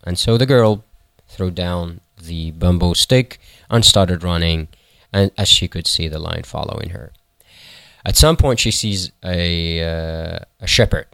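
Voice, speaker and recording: Deep-voiced man retelling a folktale. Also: a bit bright, clear, resonant tone, dry recording. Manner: halting, with fillers and self-corrections. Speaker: storyteller.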